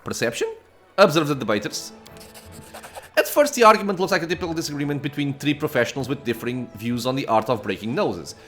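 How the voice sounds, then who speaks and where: A man hosting a let's play, reading the game's story text aloud with casual asides and quick self-corrections. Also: medium pitch, lively intonation, fairly bright tone, soft background music.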